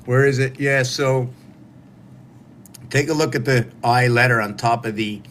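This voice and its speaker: A man's voice: medium pitch, measured pace, fairly bright tone, a little hiss or hum. A man hosting a solo livestream, musing aloud in a wandering way and talking to his viewers. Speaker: livestream host. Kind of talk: rambling solo livestream talk.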